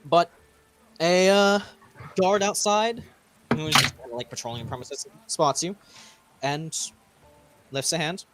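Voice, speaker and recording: A man running a tabletop game as game master, narrating scenes vividly with sudden loud stresses. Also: fairly high pitch, measured pace, pauses often, faint music behind.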